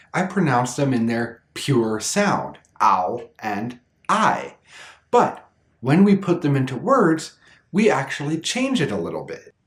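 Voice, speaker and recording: A man with a Canadian accent, teaching pronunciation in a scripted video lesson and drawing out his example words slowly and deliberately. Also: medium pitch. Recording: echoey room.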